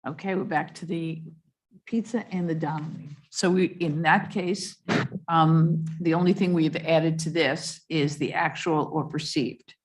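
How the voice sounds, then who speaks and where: A woman's voice: low voice, fairly even intonation, unhurried. A woman chairing a commission meeting, talking informally and thinking aloud. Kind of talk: meeting discussion.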